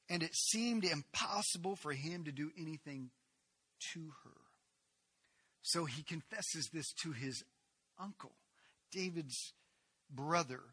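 A male pastor delivers a sermon, dropping to a hush and then rising to loud, forceful lines. His voice is sharp and fairly high. The sound is dry and close. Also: breathy edge, dry recording. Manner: dramatic swings from hushed to loud.

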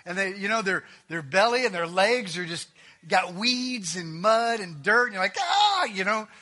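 A man preaching a sermon in a high, bright voice. He talks conversationally, with quick asides and fillers. He pushes some lines out loud and emphatic and drops others to a near-whisper. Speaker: pastor.

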